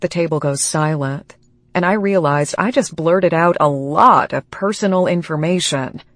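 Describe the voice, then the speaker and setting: A woman reading a first-person romance audiobook, slow and emotional in a measured way. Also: low voice, dry recording, clean studio sound. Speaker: audiobook narrator.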